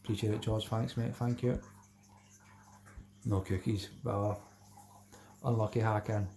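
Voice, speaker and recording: A man's voice: fairly low pitch, fairly even intonation, unhurried, warm tone, slight background noise. A middle-aged Scottish man hosting a live stream, chatting casually with viewers and reading out their comments, repeating himself and calling everyone mate.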